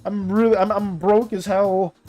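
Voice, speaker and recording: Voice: mid-range voice, little pitch movement, normal speed, dark tone. A streamer chatting casually with viewers while drawing, reading chat aloud and rambling with many restarts and fillers. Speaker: streamer and artist. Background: faint background music.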